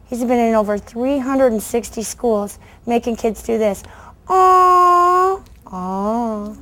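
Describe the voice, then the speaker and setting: Animated woman telling stories to a crowd. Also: on the high side, moderate pace. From United States. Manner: animated, acts out voices of kids and adults. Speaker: children's book author giving a talk. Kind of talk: lively storytelling speech to an audience.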